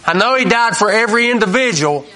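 A man's voice: sits high, lively intonation, fast, bright, forceful tone. A man hosting a Christian talk show, telling homespun stories in a folksy preaching manner and repeating his key lines for emphasis.

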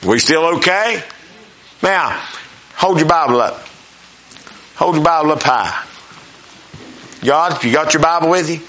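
A male preacher with a high, bright, forceful voice gives a folksy, down-home sermon, with a little hiss or hum in the background. He keeps questioning his listeners to check in. Scripture is read slowly, with heavy emphasis.

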